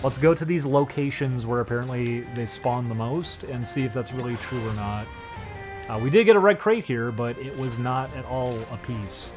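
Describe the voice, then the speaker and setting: Over music, a man streams a video game with casual, laid-back commentary, chatting easily before bursting into loud laughter. His medium-pitched voice is animated and moves at a normal speed.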